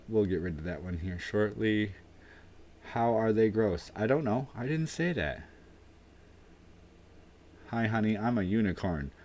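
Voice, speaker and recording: Low-voiced tired man rambling on stream. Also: a little mellow. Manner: rambling and self-deprecating, trailing off with "I don't know". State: tired and dry-mouthed from the heat. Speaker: livestream host. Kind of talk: casual livestream chat, reading chat aloud.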